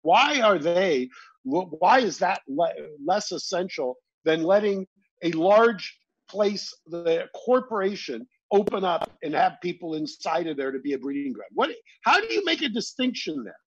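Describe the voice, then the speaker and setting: A man co-hosts a podcast, arguing his point earnestly and firing off pointed questions. His voice is somewhat higher than most men's and husky, and the recording is dry and dull. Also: big pitch swings, unhurried, dry recording. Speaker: podcast co-host. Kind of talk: casual chat.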